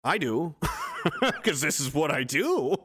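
A man's voice: a little high, wildly swooping pitch, takes it slowly, bright, forceful tone, breathy edge, soft background music. A man from East Coast Canada hosting a livestream, reading out chat comments in a blunt, profane, rambling way.

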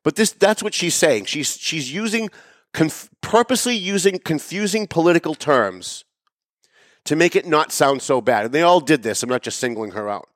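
A man hosting a political commentary show, talking sarcastically and emphatically. He swings between raised, pointed emphasis and low asides. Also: expressive, moderate pace, dry recording, studio quality. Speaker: show host. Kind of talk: opinionated political commentary monologue.

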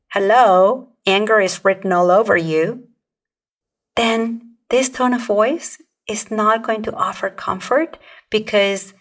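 A calm, measured woman hosts a podcast and explains her advice step by step at a middle pitch. She sits a little back from the microphone, so her voice sounds slightly distant. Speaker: podcast host. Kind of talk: scripted podcast talk on communication.

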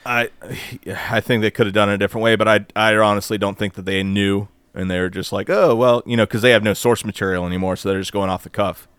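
A man co-hosting a podcast in casual chat, animated and profane, mocking others in quoted voices. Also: on the low side, fast, few pauses, clean tone, no room sound. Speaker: podcast co-host.

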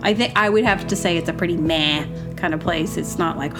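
A woman hosting a podcast, telling comic personal stories in a rambling, animated way and acting out quotes in exaggerated voices. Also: on the low side, a little fast. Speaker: podcast host. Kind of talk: casual comedic storytelling. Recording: music playing behind.

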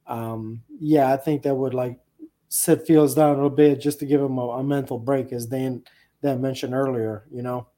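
A man's voice: medium pitch, moderate pace. Male podcast guest with a mid-range voice, worked up, swearing freely, laughing through his rant. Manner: animated, profane ranting with frequent laughs. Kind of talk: casual podcast chat.

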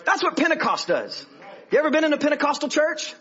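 Male preacher, high bright husky voice, animated sermon delivery, dull lo-fi recording. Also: fast. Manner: animated preaching, swinging from hushed to loud.

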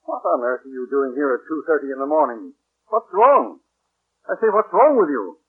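A man's voice: fairly high pitch, sing-song, normal speed, slightly rough. A terrified man woken at night. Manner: bewildered, then screaming in terror. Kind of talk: 1940s radio acting. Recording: tinny old radio broadcast.

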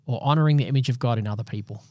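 A man's voice: mid-range voice, very fast, a little mellow, no echo, clean studio sound. Earnest man explaining scripture. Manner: earnest, explanatory, with affirming interjections. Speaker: podcast host. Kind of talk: conversational Bible discussion.

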